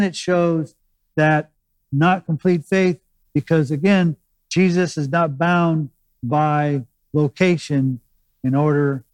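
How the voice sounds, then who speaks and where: A man's voice: on the high side, a little mellow, no echo, rough recording. A man preaching a sermon as pastor, explaining scripture in a conversational teaching manner with asides and restarts.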